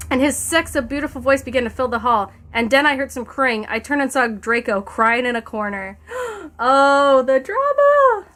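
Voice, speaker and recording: A woman's voice: on the high side, a little fast, few pauses, pushed and bright. A woman streamer reading a fanfic aloud, breaking into laughter and wry asides between lines.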